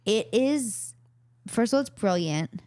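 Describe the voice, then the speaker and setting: A woman's voice: medium pitch, animated, slow, warm tone, no echo, clean studio sound. A woman with a Bronx New York accent hosting a casual chat and talking enthusiastically. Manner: enthusiastic, gushing. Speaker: podcast host.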